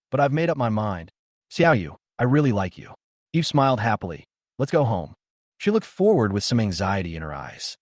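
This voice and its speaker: A man narrating a manhwa recap in a lively, rising-and-falling voice. He reads every character in the same steady narrator voice. The recording is dry and close, with no room sound. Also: mid-range voice, no echo. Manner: reads all parts in one steady narrating voice.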